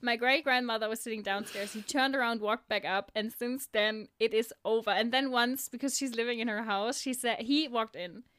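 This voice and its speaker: A woman's voice: on the high side, steady tone, normal speed, few pauses, a bit bright, clear, resonant tone, no room sound. A woman co-hosting a podcast in casual chat, telling stories with chatty restarts. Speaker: podcast co-host.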